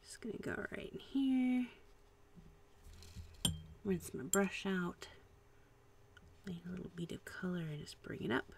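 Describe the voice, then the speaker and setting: A woman hosting a casual live stream at home, chatting and musing aloud while she paints, with soft trailing asides. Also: fairly low pitch, animated, unhurried, creaky, long pauses, slight background noise. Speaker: art channel host.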